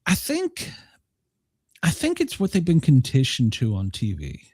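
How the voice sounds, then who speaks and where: Lively, husky middle-aged male host. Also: medium pitch, measured pace, dry recording, clean studio sound. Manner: chatty storyteller, laughs often, animated. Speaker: podcast host. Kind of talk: casual chat.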